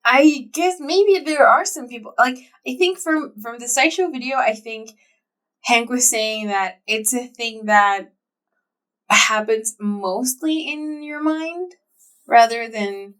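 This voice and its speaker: A woman with a high voice co-hosts a casual podcast, speaking slowly. She is hesitant, repeating words as she looks for what she means. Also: a bit bright. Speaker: podcast co-host. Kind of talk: casual chat.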